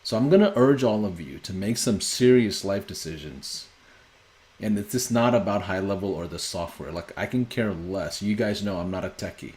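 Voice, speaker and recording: A man's voice: fairly low pitch, a little mellow. Urgent, driving male workshop host. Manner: fast-paced, urgent, repetitive emphasis. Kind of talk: motivational teaching.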